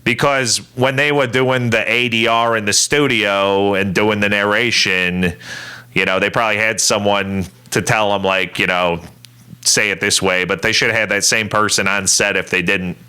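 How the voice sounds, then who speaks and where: A man co-hosting a podcast, giving a measured, opinionated movie critique in casual chat. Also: lowish voice, fairly even intonation, pushed and bright, clear, resonant tone. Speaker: podcast co-host.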